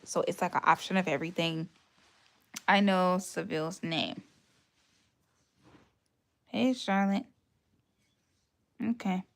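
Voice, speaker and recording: Chatty woman with a creaky voice. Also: lowish voice, slow pace, pauses often. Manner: chatty, laughs often, greets viewers by name; retells conversations in put-on voices. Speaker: livestream host. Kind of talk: casual livestream chat.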